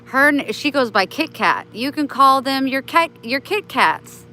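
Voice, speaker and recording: A woman's voice: high voice, expressive, unhurried, sharp tone, low-quality recording. A woman chatting on a casual live stream, talking kindly and motherly to her viewers and her pets.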